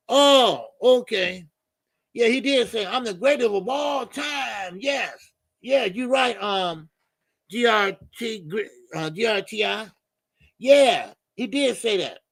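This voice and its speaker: A man's voice: high-pitched, gravelly, pushed and bright, no room sound. A man hosting a casual boxing live stream, rambling loosely, repeating himself and answering the chat. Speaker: boxing channel host.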